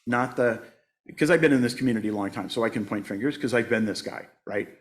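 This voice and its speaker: A man in his sixties gives a conversational sermon in a church, mixing jokes at his own expense with earnest spiritual advice. His voice sits at an ordinary middle pitch, and he laughs often between thoughts. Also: fast. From United States. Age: 60s. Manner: joking, self-mocking, laughs often. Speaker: guest speaker at a church service. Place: church sanctuary.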